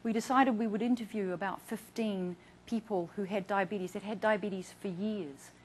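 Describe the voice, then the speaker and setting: A woman's voice: medium pitch, fairly even intonation, moderate pace, slight background noise, poor audio. A middle-aged woman doctor gives an instructional talk about patient care. She speaks earnestly and tells case stories, acting out what her patients said. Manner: earnest, storytelling, acts out patient quotes. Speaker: doctor presenting to patients and providers.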